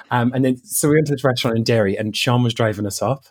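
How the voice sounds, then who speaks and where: An Irish man, a podcast co-host, telling an animated personal story, acting out what others said and laughing as he goes. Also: mid-range voice, fast talker. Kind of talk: casual chat, personal storytelling.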